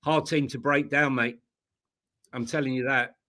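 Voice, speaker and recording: A man's voice: mid-range voice, fairly even intonation, normal speed, bright, forceful tone. A man co-hosting a casual football chat show, emphatic and teasing, full of banter. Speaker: co-host.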